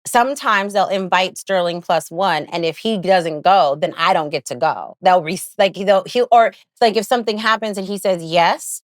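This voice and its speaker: A woman co-hosting a casual chat podcast. She is excitable, laughs often and gets shrieky when she retells stories. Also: fairly low pitch, moderate pace, hardly any pauses, no echo, studio quality. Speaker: podcast co-host.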